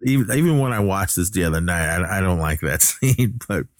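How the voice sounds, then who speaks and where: A man's voice: low voice, expressive, fairly quick, no room sound, studio quality. A man casually recapping a horror film, rambling and correcting himself with many fillers. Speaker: movie recapper.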